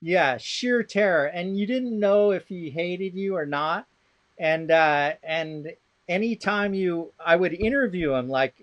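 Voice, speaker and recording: Middle-aged male expert guest; sardonic anecdotal talker, slightly high voice. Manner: rambling anecdotal storytelling with restarts; blunt and sardonic. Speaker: guest expert on law of armed conflict. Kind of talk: casual interview conversation.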